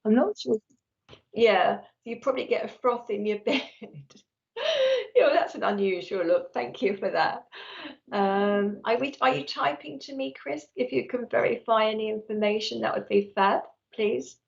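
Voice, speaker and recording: A woman's voice: fairly high pitch, normal speed, vocal fry, dull audio. A woman working as a psychic medium, giving a live-streamed reading and talking nonstop in an effusive, chatty way.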